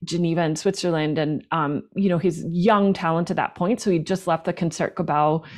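A woman flute player, a professional performer and teacher, chatting in an interview, animated and talkative with lots of restarts. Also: on the low side, fairly quick. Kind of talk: casual interview chat.

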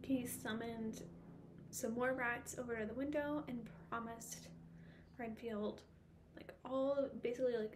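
A woman with a fairly high voice talks through a book recap for her vlog, casual and animated. She rants in exasperation and fires off one rhetorical question after another. A faint hiss sits under the recording. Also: a little slow. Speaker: book vlogger.

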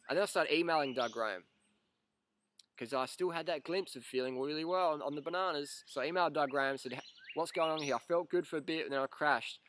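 A man vlogging, telling a story in a casual, animated way, swearing, laughing and acting out what people said. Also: on the high side, slight background noise.

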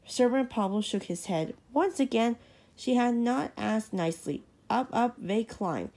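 Woman reading a storybook, halting. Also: on the high side, animated, a little mellow. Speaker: storybook reader. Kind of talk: reading a children's storybook aloud.

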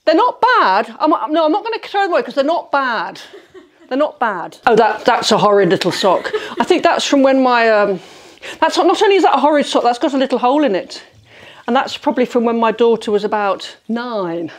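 A middle-aged woman talks her way through a declutter vlog in her bedroom, her voice high and full of swooping ups and downs. She is chatty and exclamatory, and she pokes fun at herself as she goes. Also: very animated, a little fast. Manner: chatty, exclamatory, self-mocking. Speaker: home organising vlogger. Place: bedroom, sorting socks on a bed.

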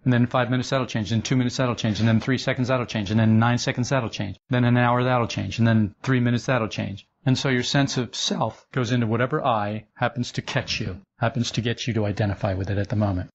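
A man giving an esoteric talk to a group, lively and humorous, acting out little imagined dialogues and laughing at himself. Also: mid-range voice, brisk, hardly any pauses. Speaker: spiritual teacher. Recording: dull lo-fi sound.

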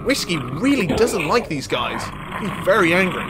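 A young man giving excitable gameplay commentary, laughing and exclaiming as he plays. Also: high voice, moderate pace, background noise. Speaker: gaming video host. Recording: game music playing loudly under voice. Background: game music.

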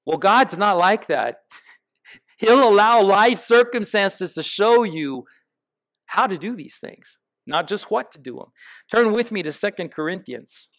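High-voiced pastor preaching a sermon. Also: male voice, lively intonation, unhurried, fairly bright tone. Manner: asks the congregation questions, builds emphatic lists. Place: church sanctuary.

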